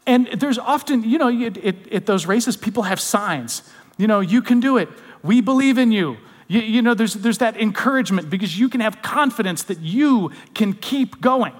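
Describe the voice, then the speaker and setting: A man preaching a conversational sermon, often dropping to soft, intimate tones. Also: high voice, expressive, normal speed, in a large hall. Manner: conversational, drops to soft intimate tones when quoting comfort. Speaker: pastor.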